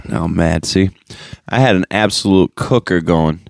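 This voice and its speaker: A man's voice: moderate pace, gravelly. A young man hosting his podcast alone, ranting in a casual, profane, rambling way with plenty of fillers, recorded on a phone mic. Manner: mocking high-pitched impressions of others. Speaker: podcast host. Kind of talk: casual solo podcast rant.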